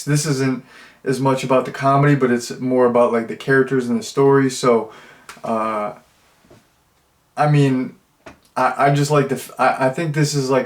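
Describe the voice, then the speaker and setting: A man giving a casual spoken movie review, rambling and enthusiastic, who acts out quoted lines now and then. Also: mid-range voice.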